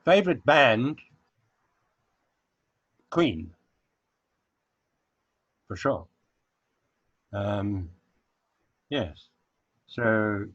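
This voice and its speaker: An older man from South Africa talks in a low voice, casual and unhurried, drifting into memories with plenty of pauses and fillers. The sound is dry and close, but dull and lo-fi. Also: no echo. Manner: unhurried, reminiscing, hesitant with fillers. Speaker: guest. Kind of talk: casual interview chat. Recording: dull lo-fi recording.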